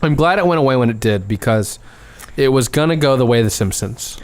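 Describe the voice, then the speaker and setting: A man's voice: mid-range voice, animated, a little fast. Laid-back laughing man host. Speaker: podcast host. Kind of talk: casual chat.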